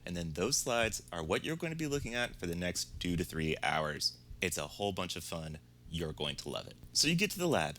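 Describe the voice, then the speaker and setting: A man's voice: sits low, bright, forceful tone, slight background noise. A man hosting an educational video, telling a story in a wry, sarcastic, dramatic way. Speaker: host and medical educator.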